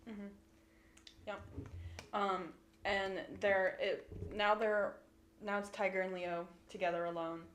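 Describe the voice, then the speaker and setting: Her mid-range voice is flat, slow, and a little bright as she co-hosts a relaxed show recap. She curses freely and replays scenes in teasing mock voices, and the room sounds echoey with faint noise behind her.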